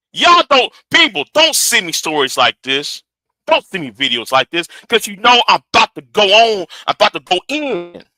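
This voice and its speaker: Excitable high-voiced male streamer. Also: no room sound. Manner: excitable, repeats words while building a point. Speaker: live stream host. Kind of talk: live stream reaction commentary.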